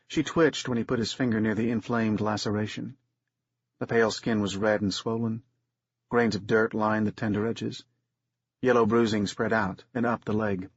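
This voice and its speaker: A man reads a story aloud in a steady, unhurried narration. His husky voice sits at a middle pitch. The recording is dry, dull and slightly muffled. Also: no echo. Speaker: audiobook narrator. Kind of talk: scripted narration.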